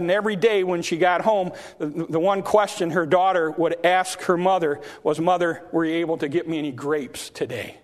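Male preacher, sermon storyteller; higher voice, halting restarts, rising to shouts. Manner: repeats words in restarts, swells loud at high points.

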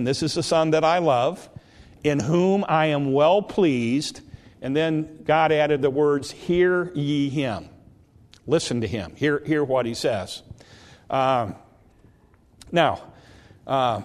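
Slow preacher in a reverberant hall. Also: male voice, fairly high pitch. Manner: slow and deliberate, drawing out scripture quotes. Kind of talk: sermon.

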